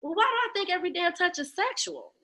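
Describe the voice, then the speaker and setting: Bright-voiced woman telling her story. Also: fast talker. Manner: animated, acts out voices of others, shifts to low quiet tones on painful memories. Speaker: guest, lactation educator. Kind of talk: candid personal storytelling in an interview.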